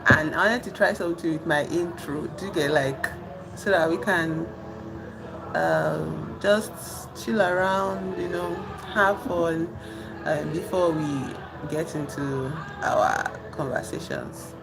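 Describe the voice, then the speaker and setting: A woman hosting a casual livestream, chatty and full of fillers, teasing her quiet chat. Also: sits low, takes it slowly, vocal fry, music in the background, low-quality recording. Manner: chatty, trails off with fillers, teases an unresponsive chat. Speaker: live streamer. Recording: steady background noise.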